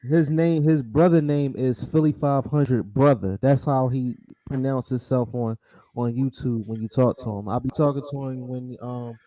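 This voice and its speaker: A man's voice: medium pitch, steady tone, moderate pace, mellow, no echo. A man hosting a casual sports talk stream, laid-back and rambling. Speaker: podcast host.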